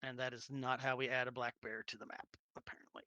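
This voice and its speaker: A man's voice: medium pitch, level tone, fast talker, bright, forceful tone, no echo, muffled recording. A man running a tabletop game, chatting casually and muttering to himself while fiddling with settings. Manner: muttering to himself, jokey and distracted. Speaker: game master.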